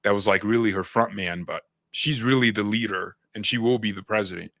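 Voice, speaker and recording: A man's voice: lowish voice, fairly quick, a bit bright, no echo. A man co-hosting a live stream, chatting casually about breaking news with slang and frequent laughs. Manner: joking, laughs often, slangy.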